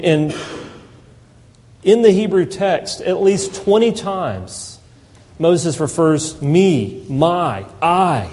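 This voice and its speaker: A man's voice: fairly high pitch, dark tone. A man giving an impassioned sermon as a pastor, now and then mimicking whiny complainers. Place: church sanctuary. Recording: long hall reverb.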